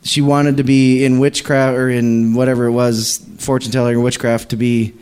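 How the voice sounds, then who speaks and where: A man's voice: medium pitch, level tone, normal speed, a little mellow, clear, resonant tone. Man telling a church testimony, rambling, voices the people in the story. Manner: rambling, many restarts, acts out quoted voices. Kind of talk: animated storytelling in a church service.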